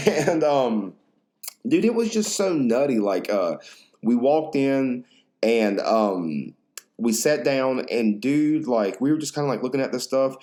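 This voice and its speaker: A man's voice: medium pitch, lively intonation, a little slow, a little mellow. A young man hosting a podcast, telling a story in a rambling, profane casual chat full of fillers. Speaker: podcast host.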